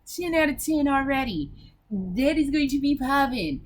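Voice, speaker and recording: A woman's voice: high voice, animated, moderate pace. A woman hosting a casual video game vlog, talking in a brash, profane, rambling way with frequent giggles.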